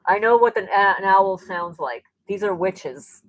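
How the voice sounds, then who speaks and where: A woman, hosting a casual livestream from home, reading viewer comments in an animated way and often repeating her words. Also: medium pitch, unhurried, few pauses, low-quality recording. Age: 60s. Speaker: livestream host. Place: rural home indoors. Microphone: laptop mic.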